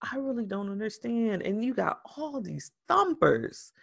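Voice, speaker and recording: Animated, gravelly woman co-host. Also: a little high, measured pace, no room sound, studio quality. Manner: animated, profane, slips into impressions. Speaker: podcast co-host. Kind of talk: casual chat.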